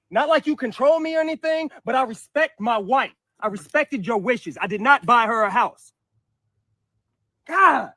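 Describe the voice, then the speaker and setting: Guy acting as a husband in a skit, high-ish voice, yells he didn't do it then goes soft. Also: no echo, exaggerated voice. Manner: shouting denials, then soft and tender. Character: defensive husband, pleading with his wife.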